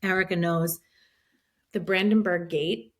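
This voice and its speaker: A woman in her thirties, a podcast guest, telling a story in a casual, animated way, swearing freely and acting out her own quotes. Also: lowish voice, measured pace.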